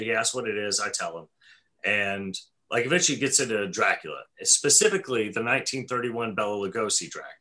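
A man's voice: mid-range voice, pushed and bright. A man chatting casually on a podcast, telling a rambling story with lots of fillers. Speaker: podcast co-host. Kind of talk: casual chat.

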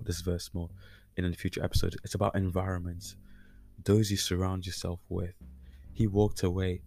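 Here the Christian podcast host speaks low and gravelly, with a warm tone. His teaching stays casual and chatty, peppered with fillers and frequent restarts.

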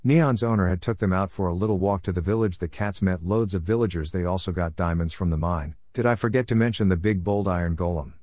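A man reading a story aloud chapter by chapter, halting now and then with small restarts. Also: low-pitched, darkish tone, dry recording, clean studio sound.

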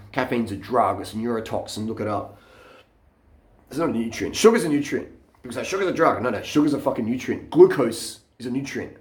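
A man's voice: mid-range voice, roomy sound. Profane man ranting on camera. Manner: profane, blunt, animated, laughs at his own stories. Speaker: vlogger. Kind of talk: casual rant to camera. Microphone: camera mic.

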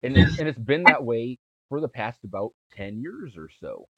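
A man's voice: medium pitch, big pitch swings, normal speed, muffled recording. A man co-hosting a wrestling podcast in casual chat, rambling and restarting his sentences. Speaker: podcast co-host.

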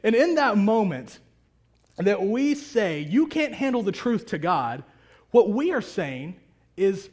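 A man preaching a sermon to a congregation in a conversational, animated way. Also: high-pitched, slow pace. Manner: conversational and animated, acting out prayers. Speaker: pastor. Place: church hall with a congregation.

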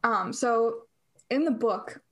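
A woman's voice: on the high side, takes it slowly. A young woman co-hosting a podcast, retelling a film scene in a rambling, sarcastic casual chat full of fillers. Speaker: podcast co-host.

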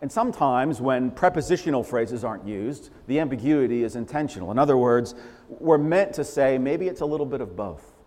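A man preaching a sermon in an emphatic, animated way, repeating phrases for stress. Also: mid-range voice, fairly quick. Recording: long hall reverb.

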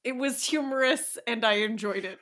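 Bright-voiced woman podcast co-host. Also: a little high, moderate pace. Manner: chatty, laughing, playful asides. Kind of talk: casual podcast chat.

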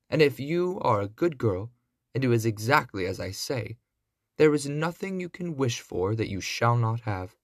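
A man voicing a kindly little old fairy godmother in a storybook reading, gentle but commanding. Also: no echo, clean studio sound. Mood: reassuring. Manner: gentle, commanding, higher and brighter than his narration.

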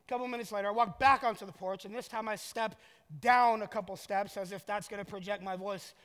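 Casual joking pastor guy, 30s, bright high voice, big echoey hall. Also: steady tone, fast talker. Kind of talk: sermon.

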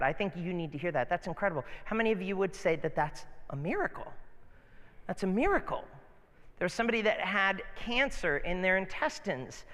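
A man preaching a sermon to his congregation in a church, animated and playful, often repeating his phrases. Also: high-pitched, long reverb tail. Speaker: pastor.

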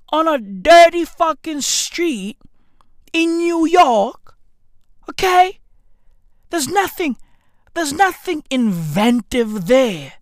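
A woman's voice: high voice, no echo, clean studio sound. A woman ranting in a comedic, exasperated and mocking way, swearing heavily. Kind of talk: profane comedic rant.

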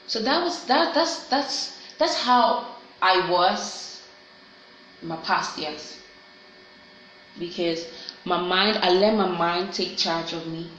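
A woman's voice: mid-range voice, a bit bright, a little hiss or hum. A woman giving an earnest, heartfelt personal monologue to her viewers. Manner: earnest, heartfelt, self-encouraging. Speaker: vlogger. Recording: very echoey room.

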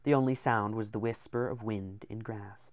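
A man narrating an audiobook in a steady, descriptive reading. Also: fairly low pitch, normal speed, dry recording.

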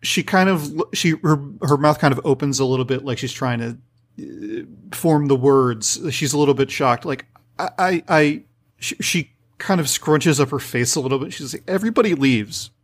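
Game master, male: casual, halting scene narration. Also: mid-range voice. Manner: hesitant, descriptive, many fillers.

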